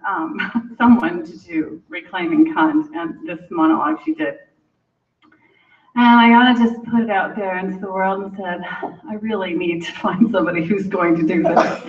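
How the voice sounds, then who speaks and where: A woman director chatting casually to a theatre audience, telling an anecdote with bursts of laughter. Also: mid-range voice. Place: theatre, large hall. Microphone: distant audience camera. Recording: echoey hall from far off, dull.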